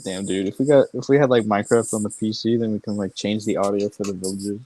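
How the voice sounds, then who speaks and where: A man's voice: lowish voice, steady tone, fast talker, dark tone, rough recording. A young man co-hosting a podcast, chatting casually in an easygoing way, often restarting and repeating words, recorded in a car. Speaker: podcast co-host. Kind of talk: casual chat. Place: inside a car.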